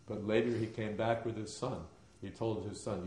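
Deep, dark-voiced man giving a lecture. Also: fairly even intonation, normal speed. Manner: emphatic storyteller, hesitant fillers. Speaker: spiritual teacher. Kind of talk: devotional lecture. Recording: roomy echoing hall.

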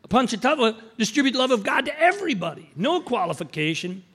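A man's voice: very high-pitched, very animated, fast talker, few pauses, fairly bright tone, husky. A man preaching an anecdotal sermon, telling stories and acting out the voices of the people in them. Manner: storytelling, acts out quoted voices.

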